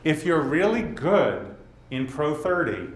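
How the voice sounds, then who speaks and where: A man with a Boston accent giving a presentation at a leadership summit, talking straight to the audience and tossing in quick asides. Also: a little high, very animated. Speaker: conference speaker. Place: conference hall. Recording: roomy hall with faint background noise.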